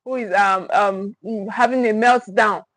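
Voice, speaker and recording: A woman's voice: medium pitch, fairly even intonation, measured pace, a bit bright, dry recording, low-quality recording. A woman, a parenting coach teaching on a livestream, stressing and repeating her key points and checking in with viewers. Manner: emphatic, repeats key phrases; speaks directly to the viewers, with check-ins.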